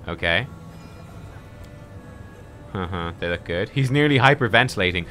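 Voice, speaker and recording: Guy narrating his let's play, wry and incredulous, bright voice, slight hiss behind. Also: sits low, expressive, normal speed, long pauses. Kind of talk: gameplay commentary.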